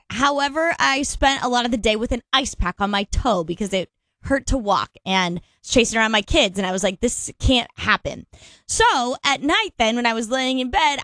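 Lively, laughing woman radio co-host. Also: a little high, no echo. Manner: animated, laughing, acts out quotes. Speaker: radio morning show co-host. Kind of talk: casual on-air storytelling. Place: radio studio. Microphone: studio microphone.

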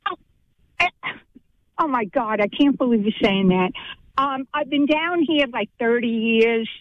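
A woman's voice: a little high, a little slow, no room sound. Brash New York woman on the phone. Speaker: caller. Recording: muffled phone line.

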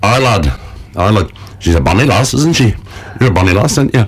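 A man's voice: on the low side, animated, fairly quick. A man voicing a jealous male monkey puppet with a put-on northern English accent. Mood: flirty. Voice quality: gruff, bossy, repeats "laddie".

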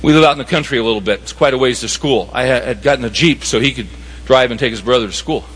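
A man's voice: mid-range voice, fast talker, a bit bright, breathy edge. A man preaching a sermon in an earnest, emphatic way that builds in urgency. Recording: long reverb from a large hall.

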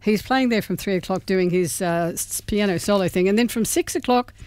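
A man's voice: high-pitched, a little fast, darkish tone, a little hiss or hum. A man from Melbourne hosting a community radio show, chatting casually and reading out a gig guide with small slips. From Melbourne, Australia.

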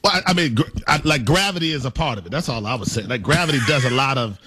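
A man's voice: medium pitch, expressive, fast talker, bright, forceful tone, slightly rough. A man co-hosting a sports radio show, teasing his partner in joking banter and tripping over words.

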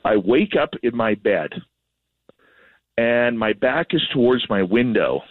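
A man's voice: medium pitch, slow, no echo. Canadian man over a tinny phone line. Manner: animated, self-deprecating storyteller. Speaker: radio host, guest. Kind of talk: casual chat, storytelling.

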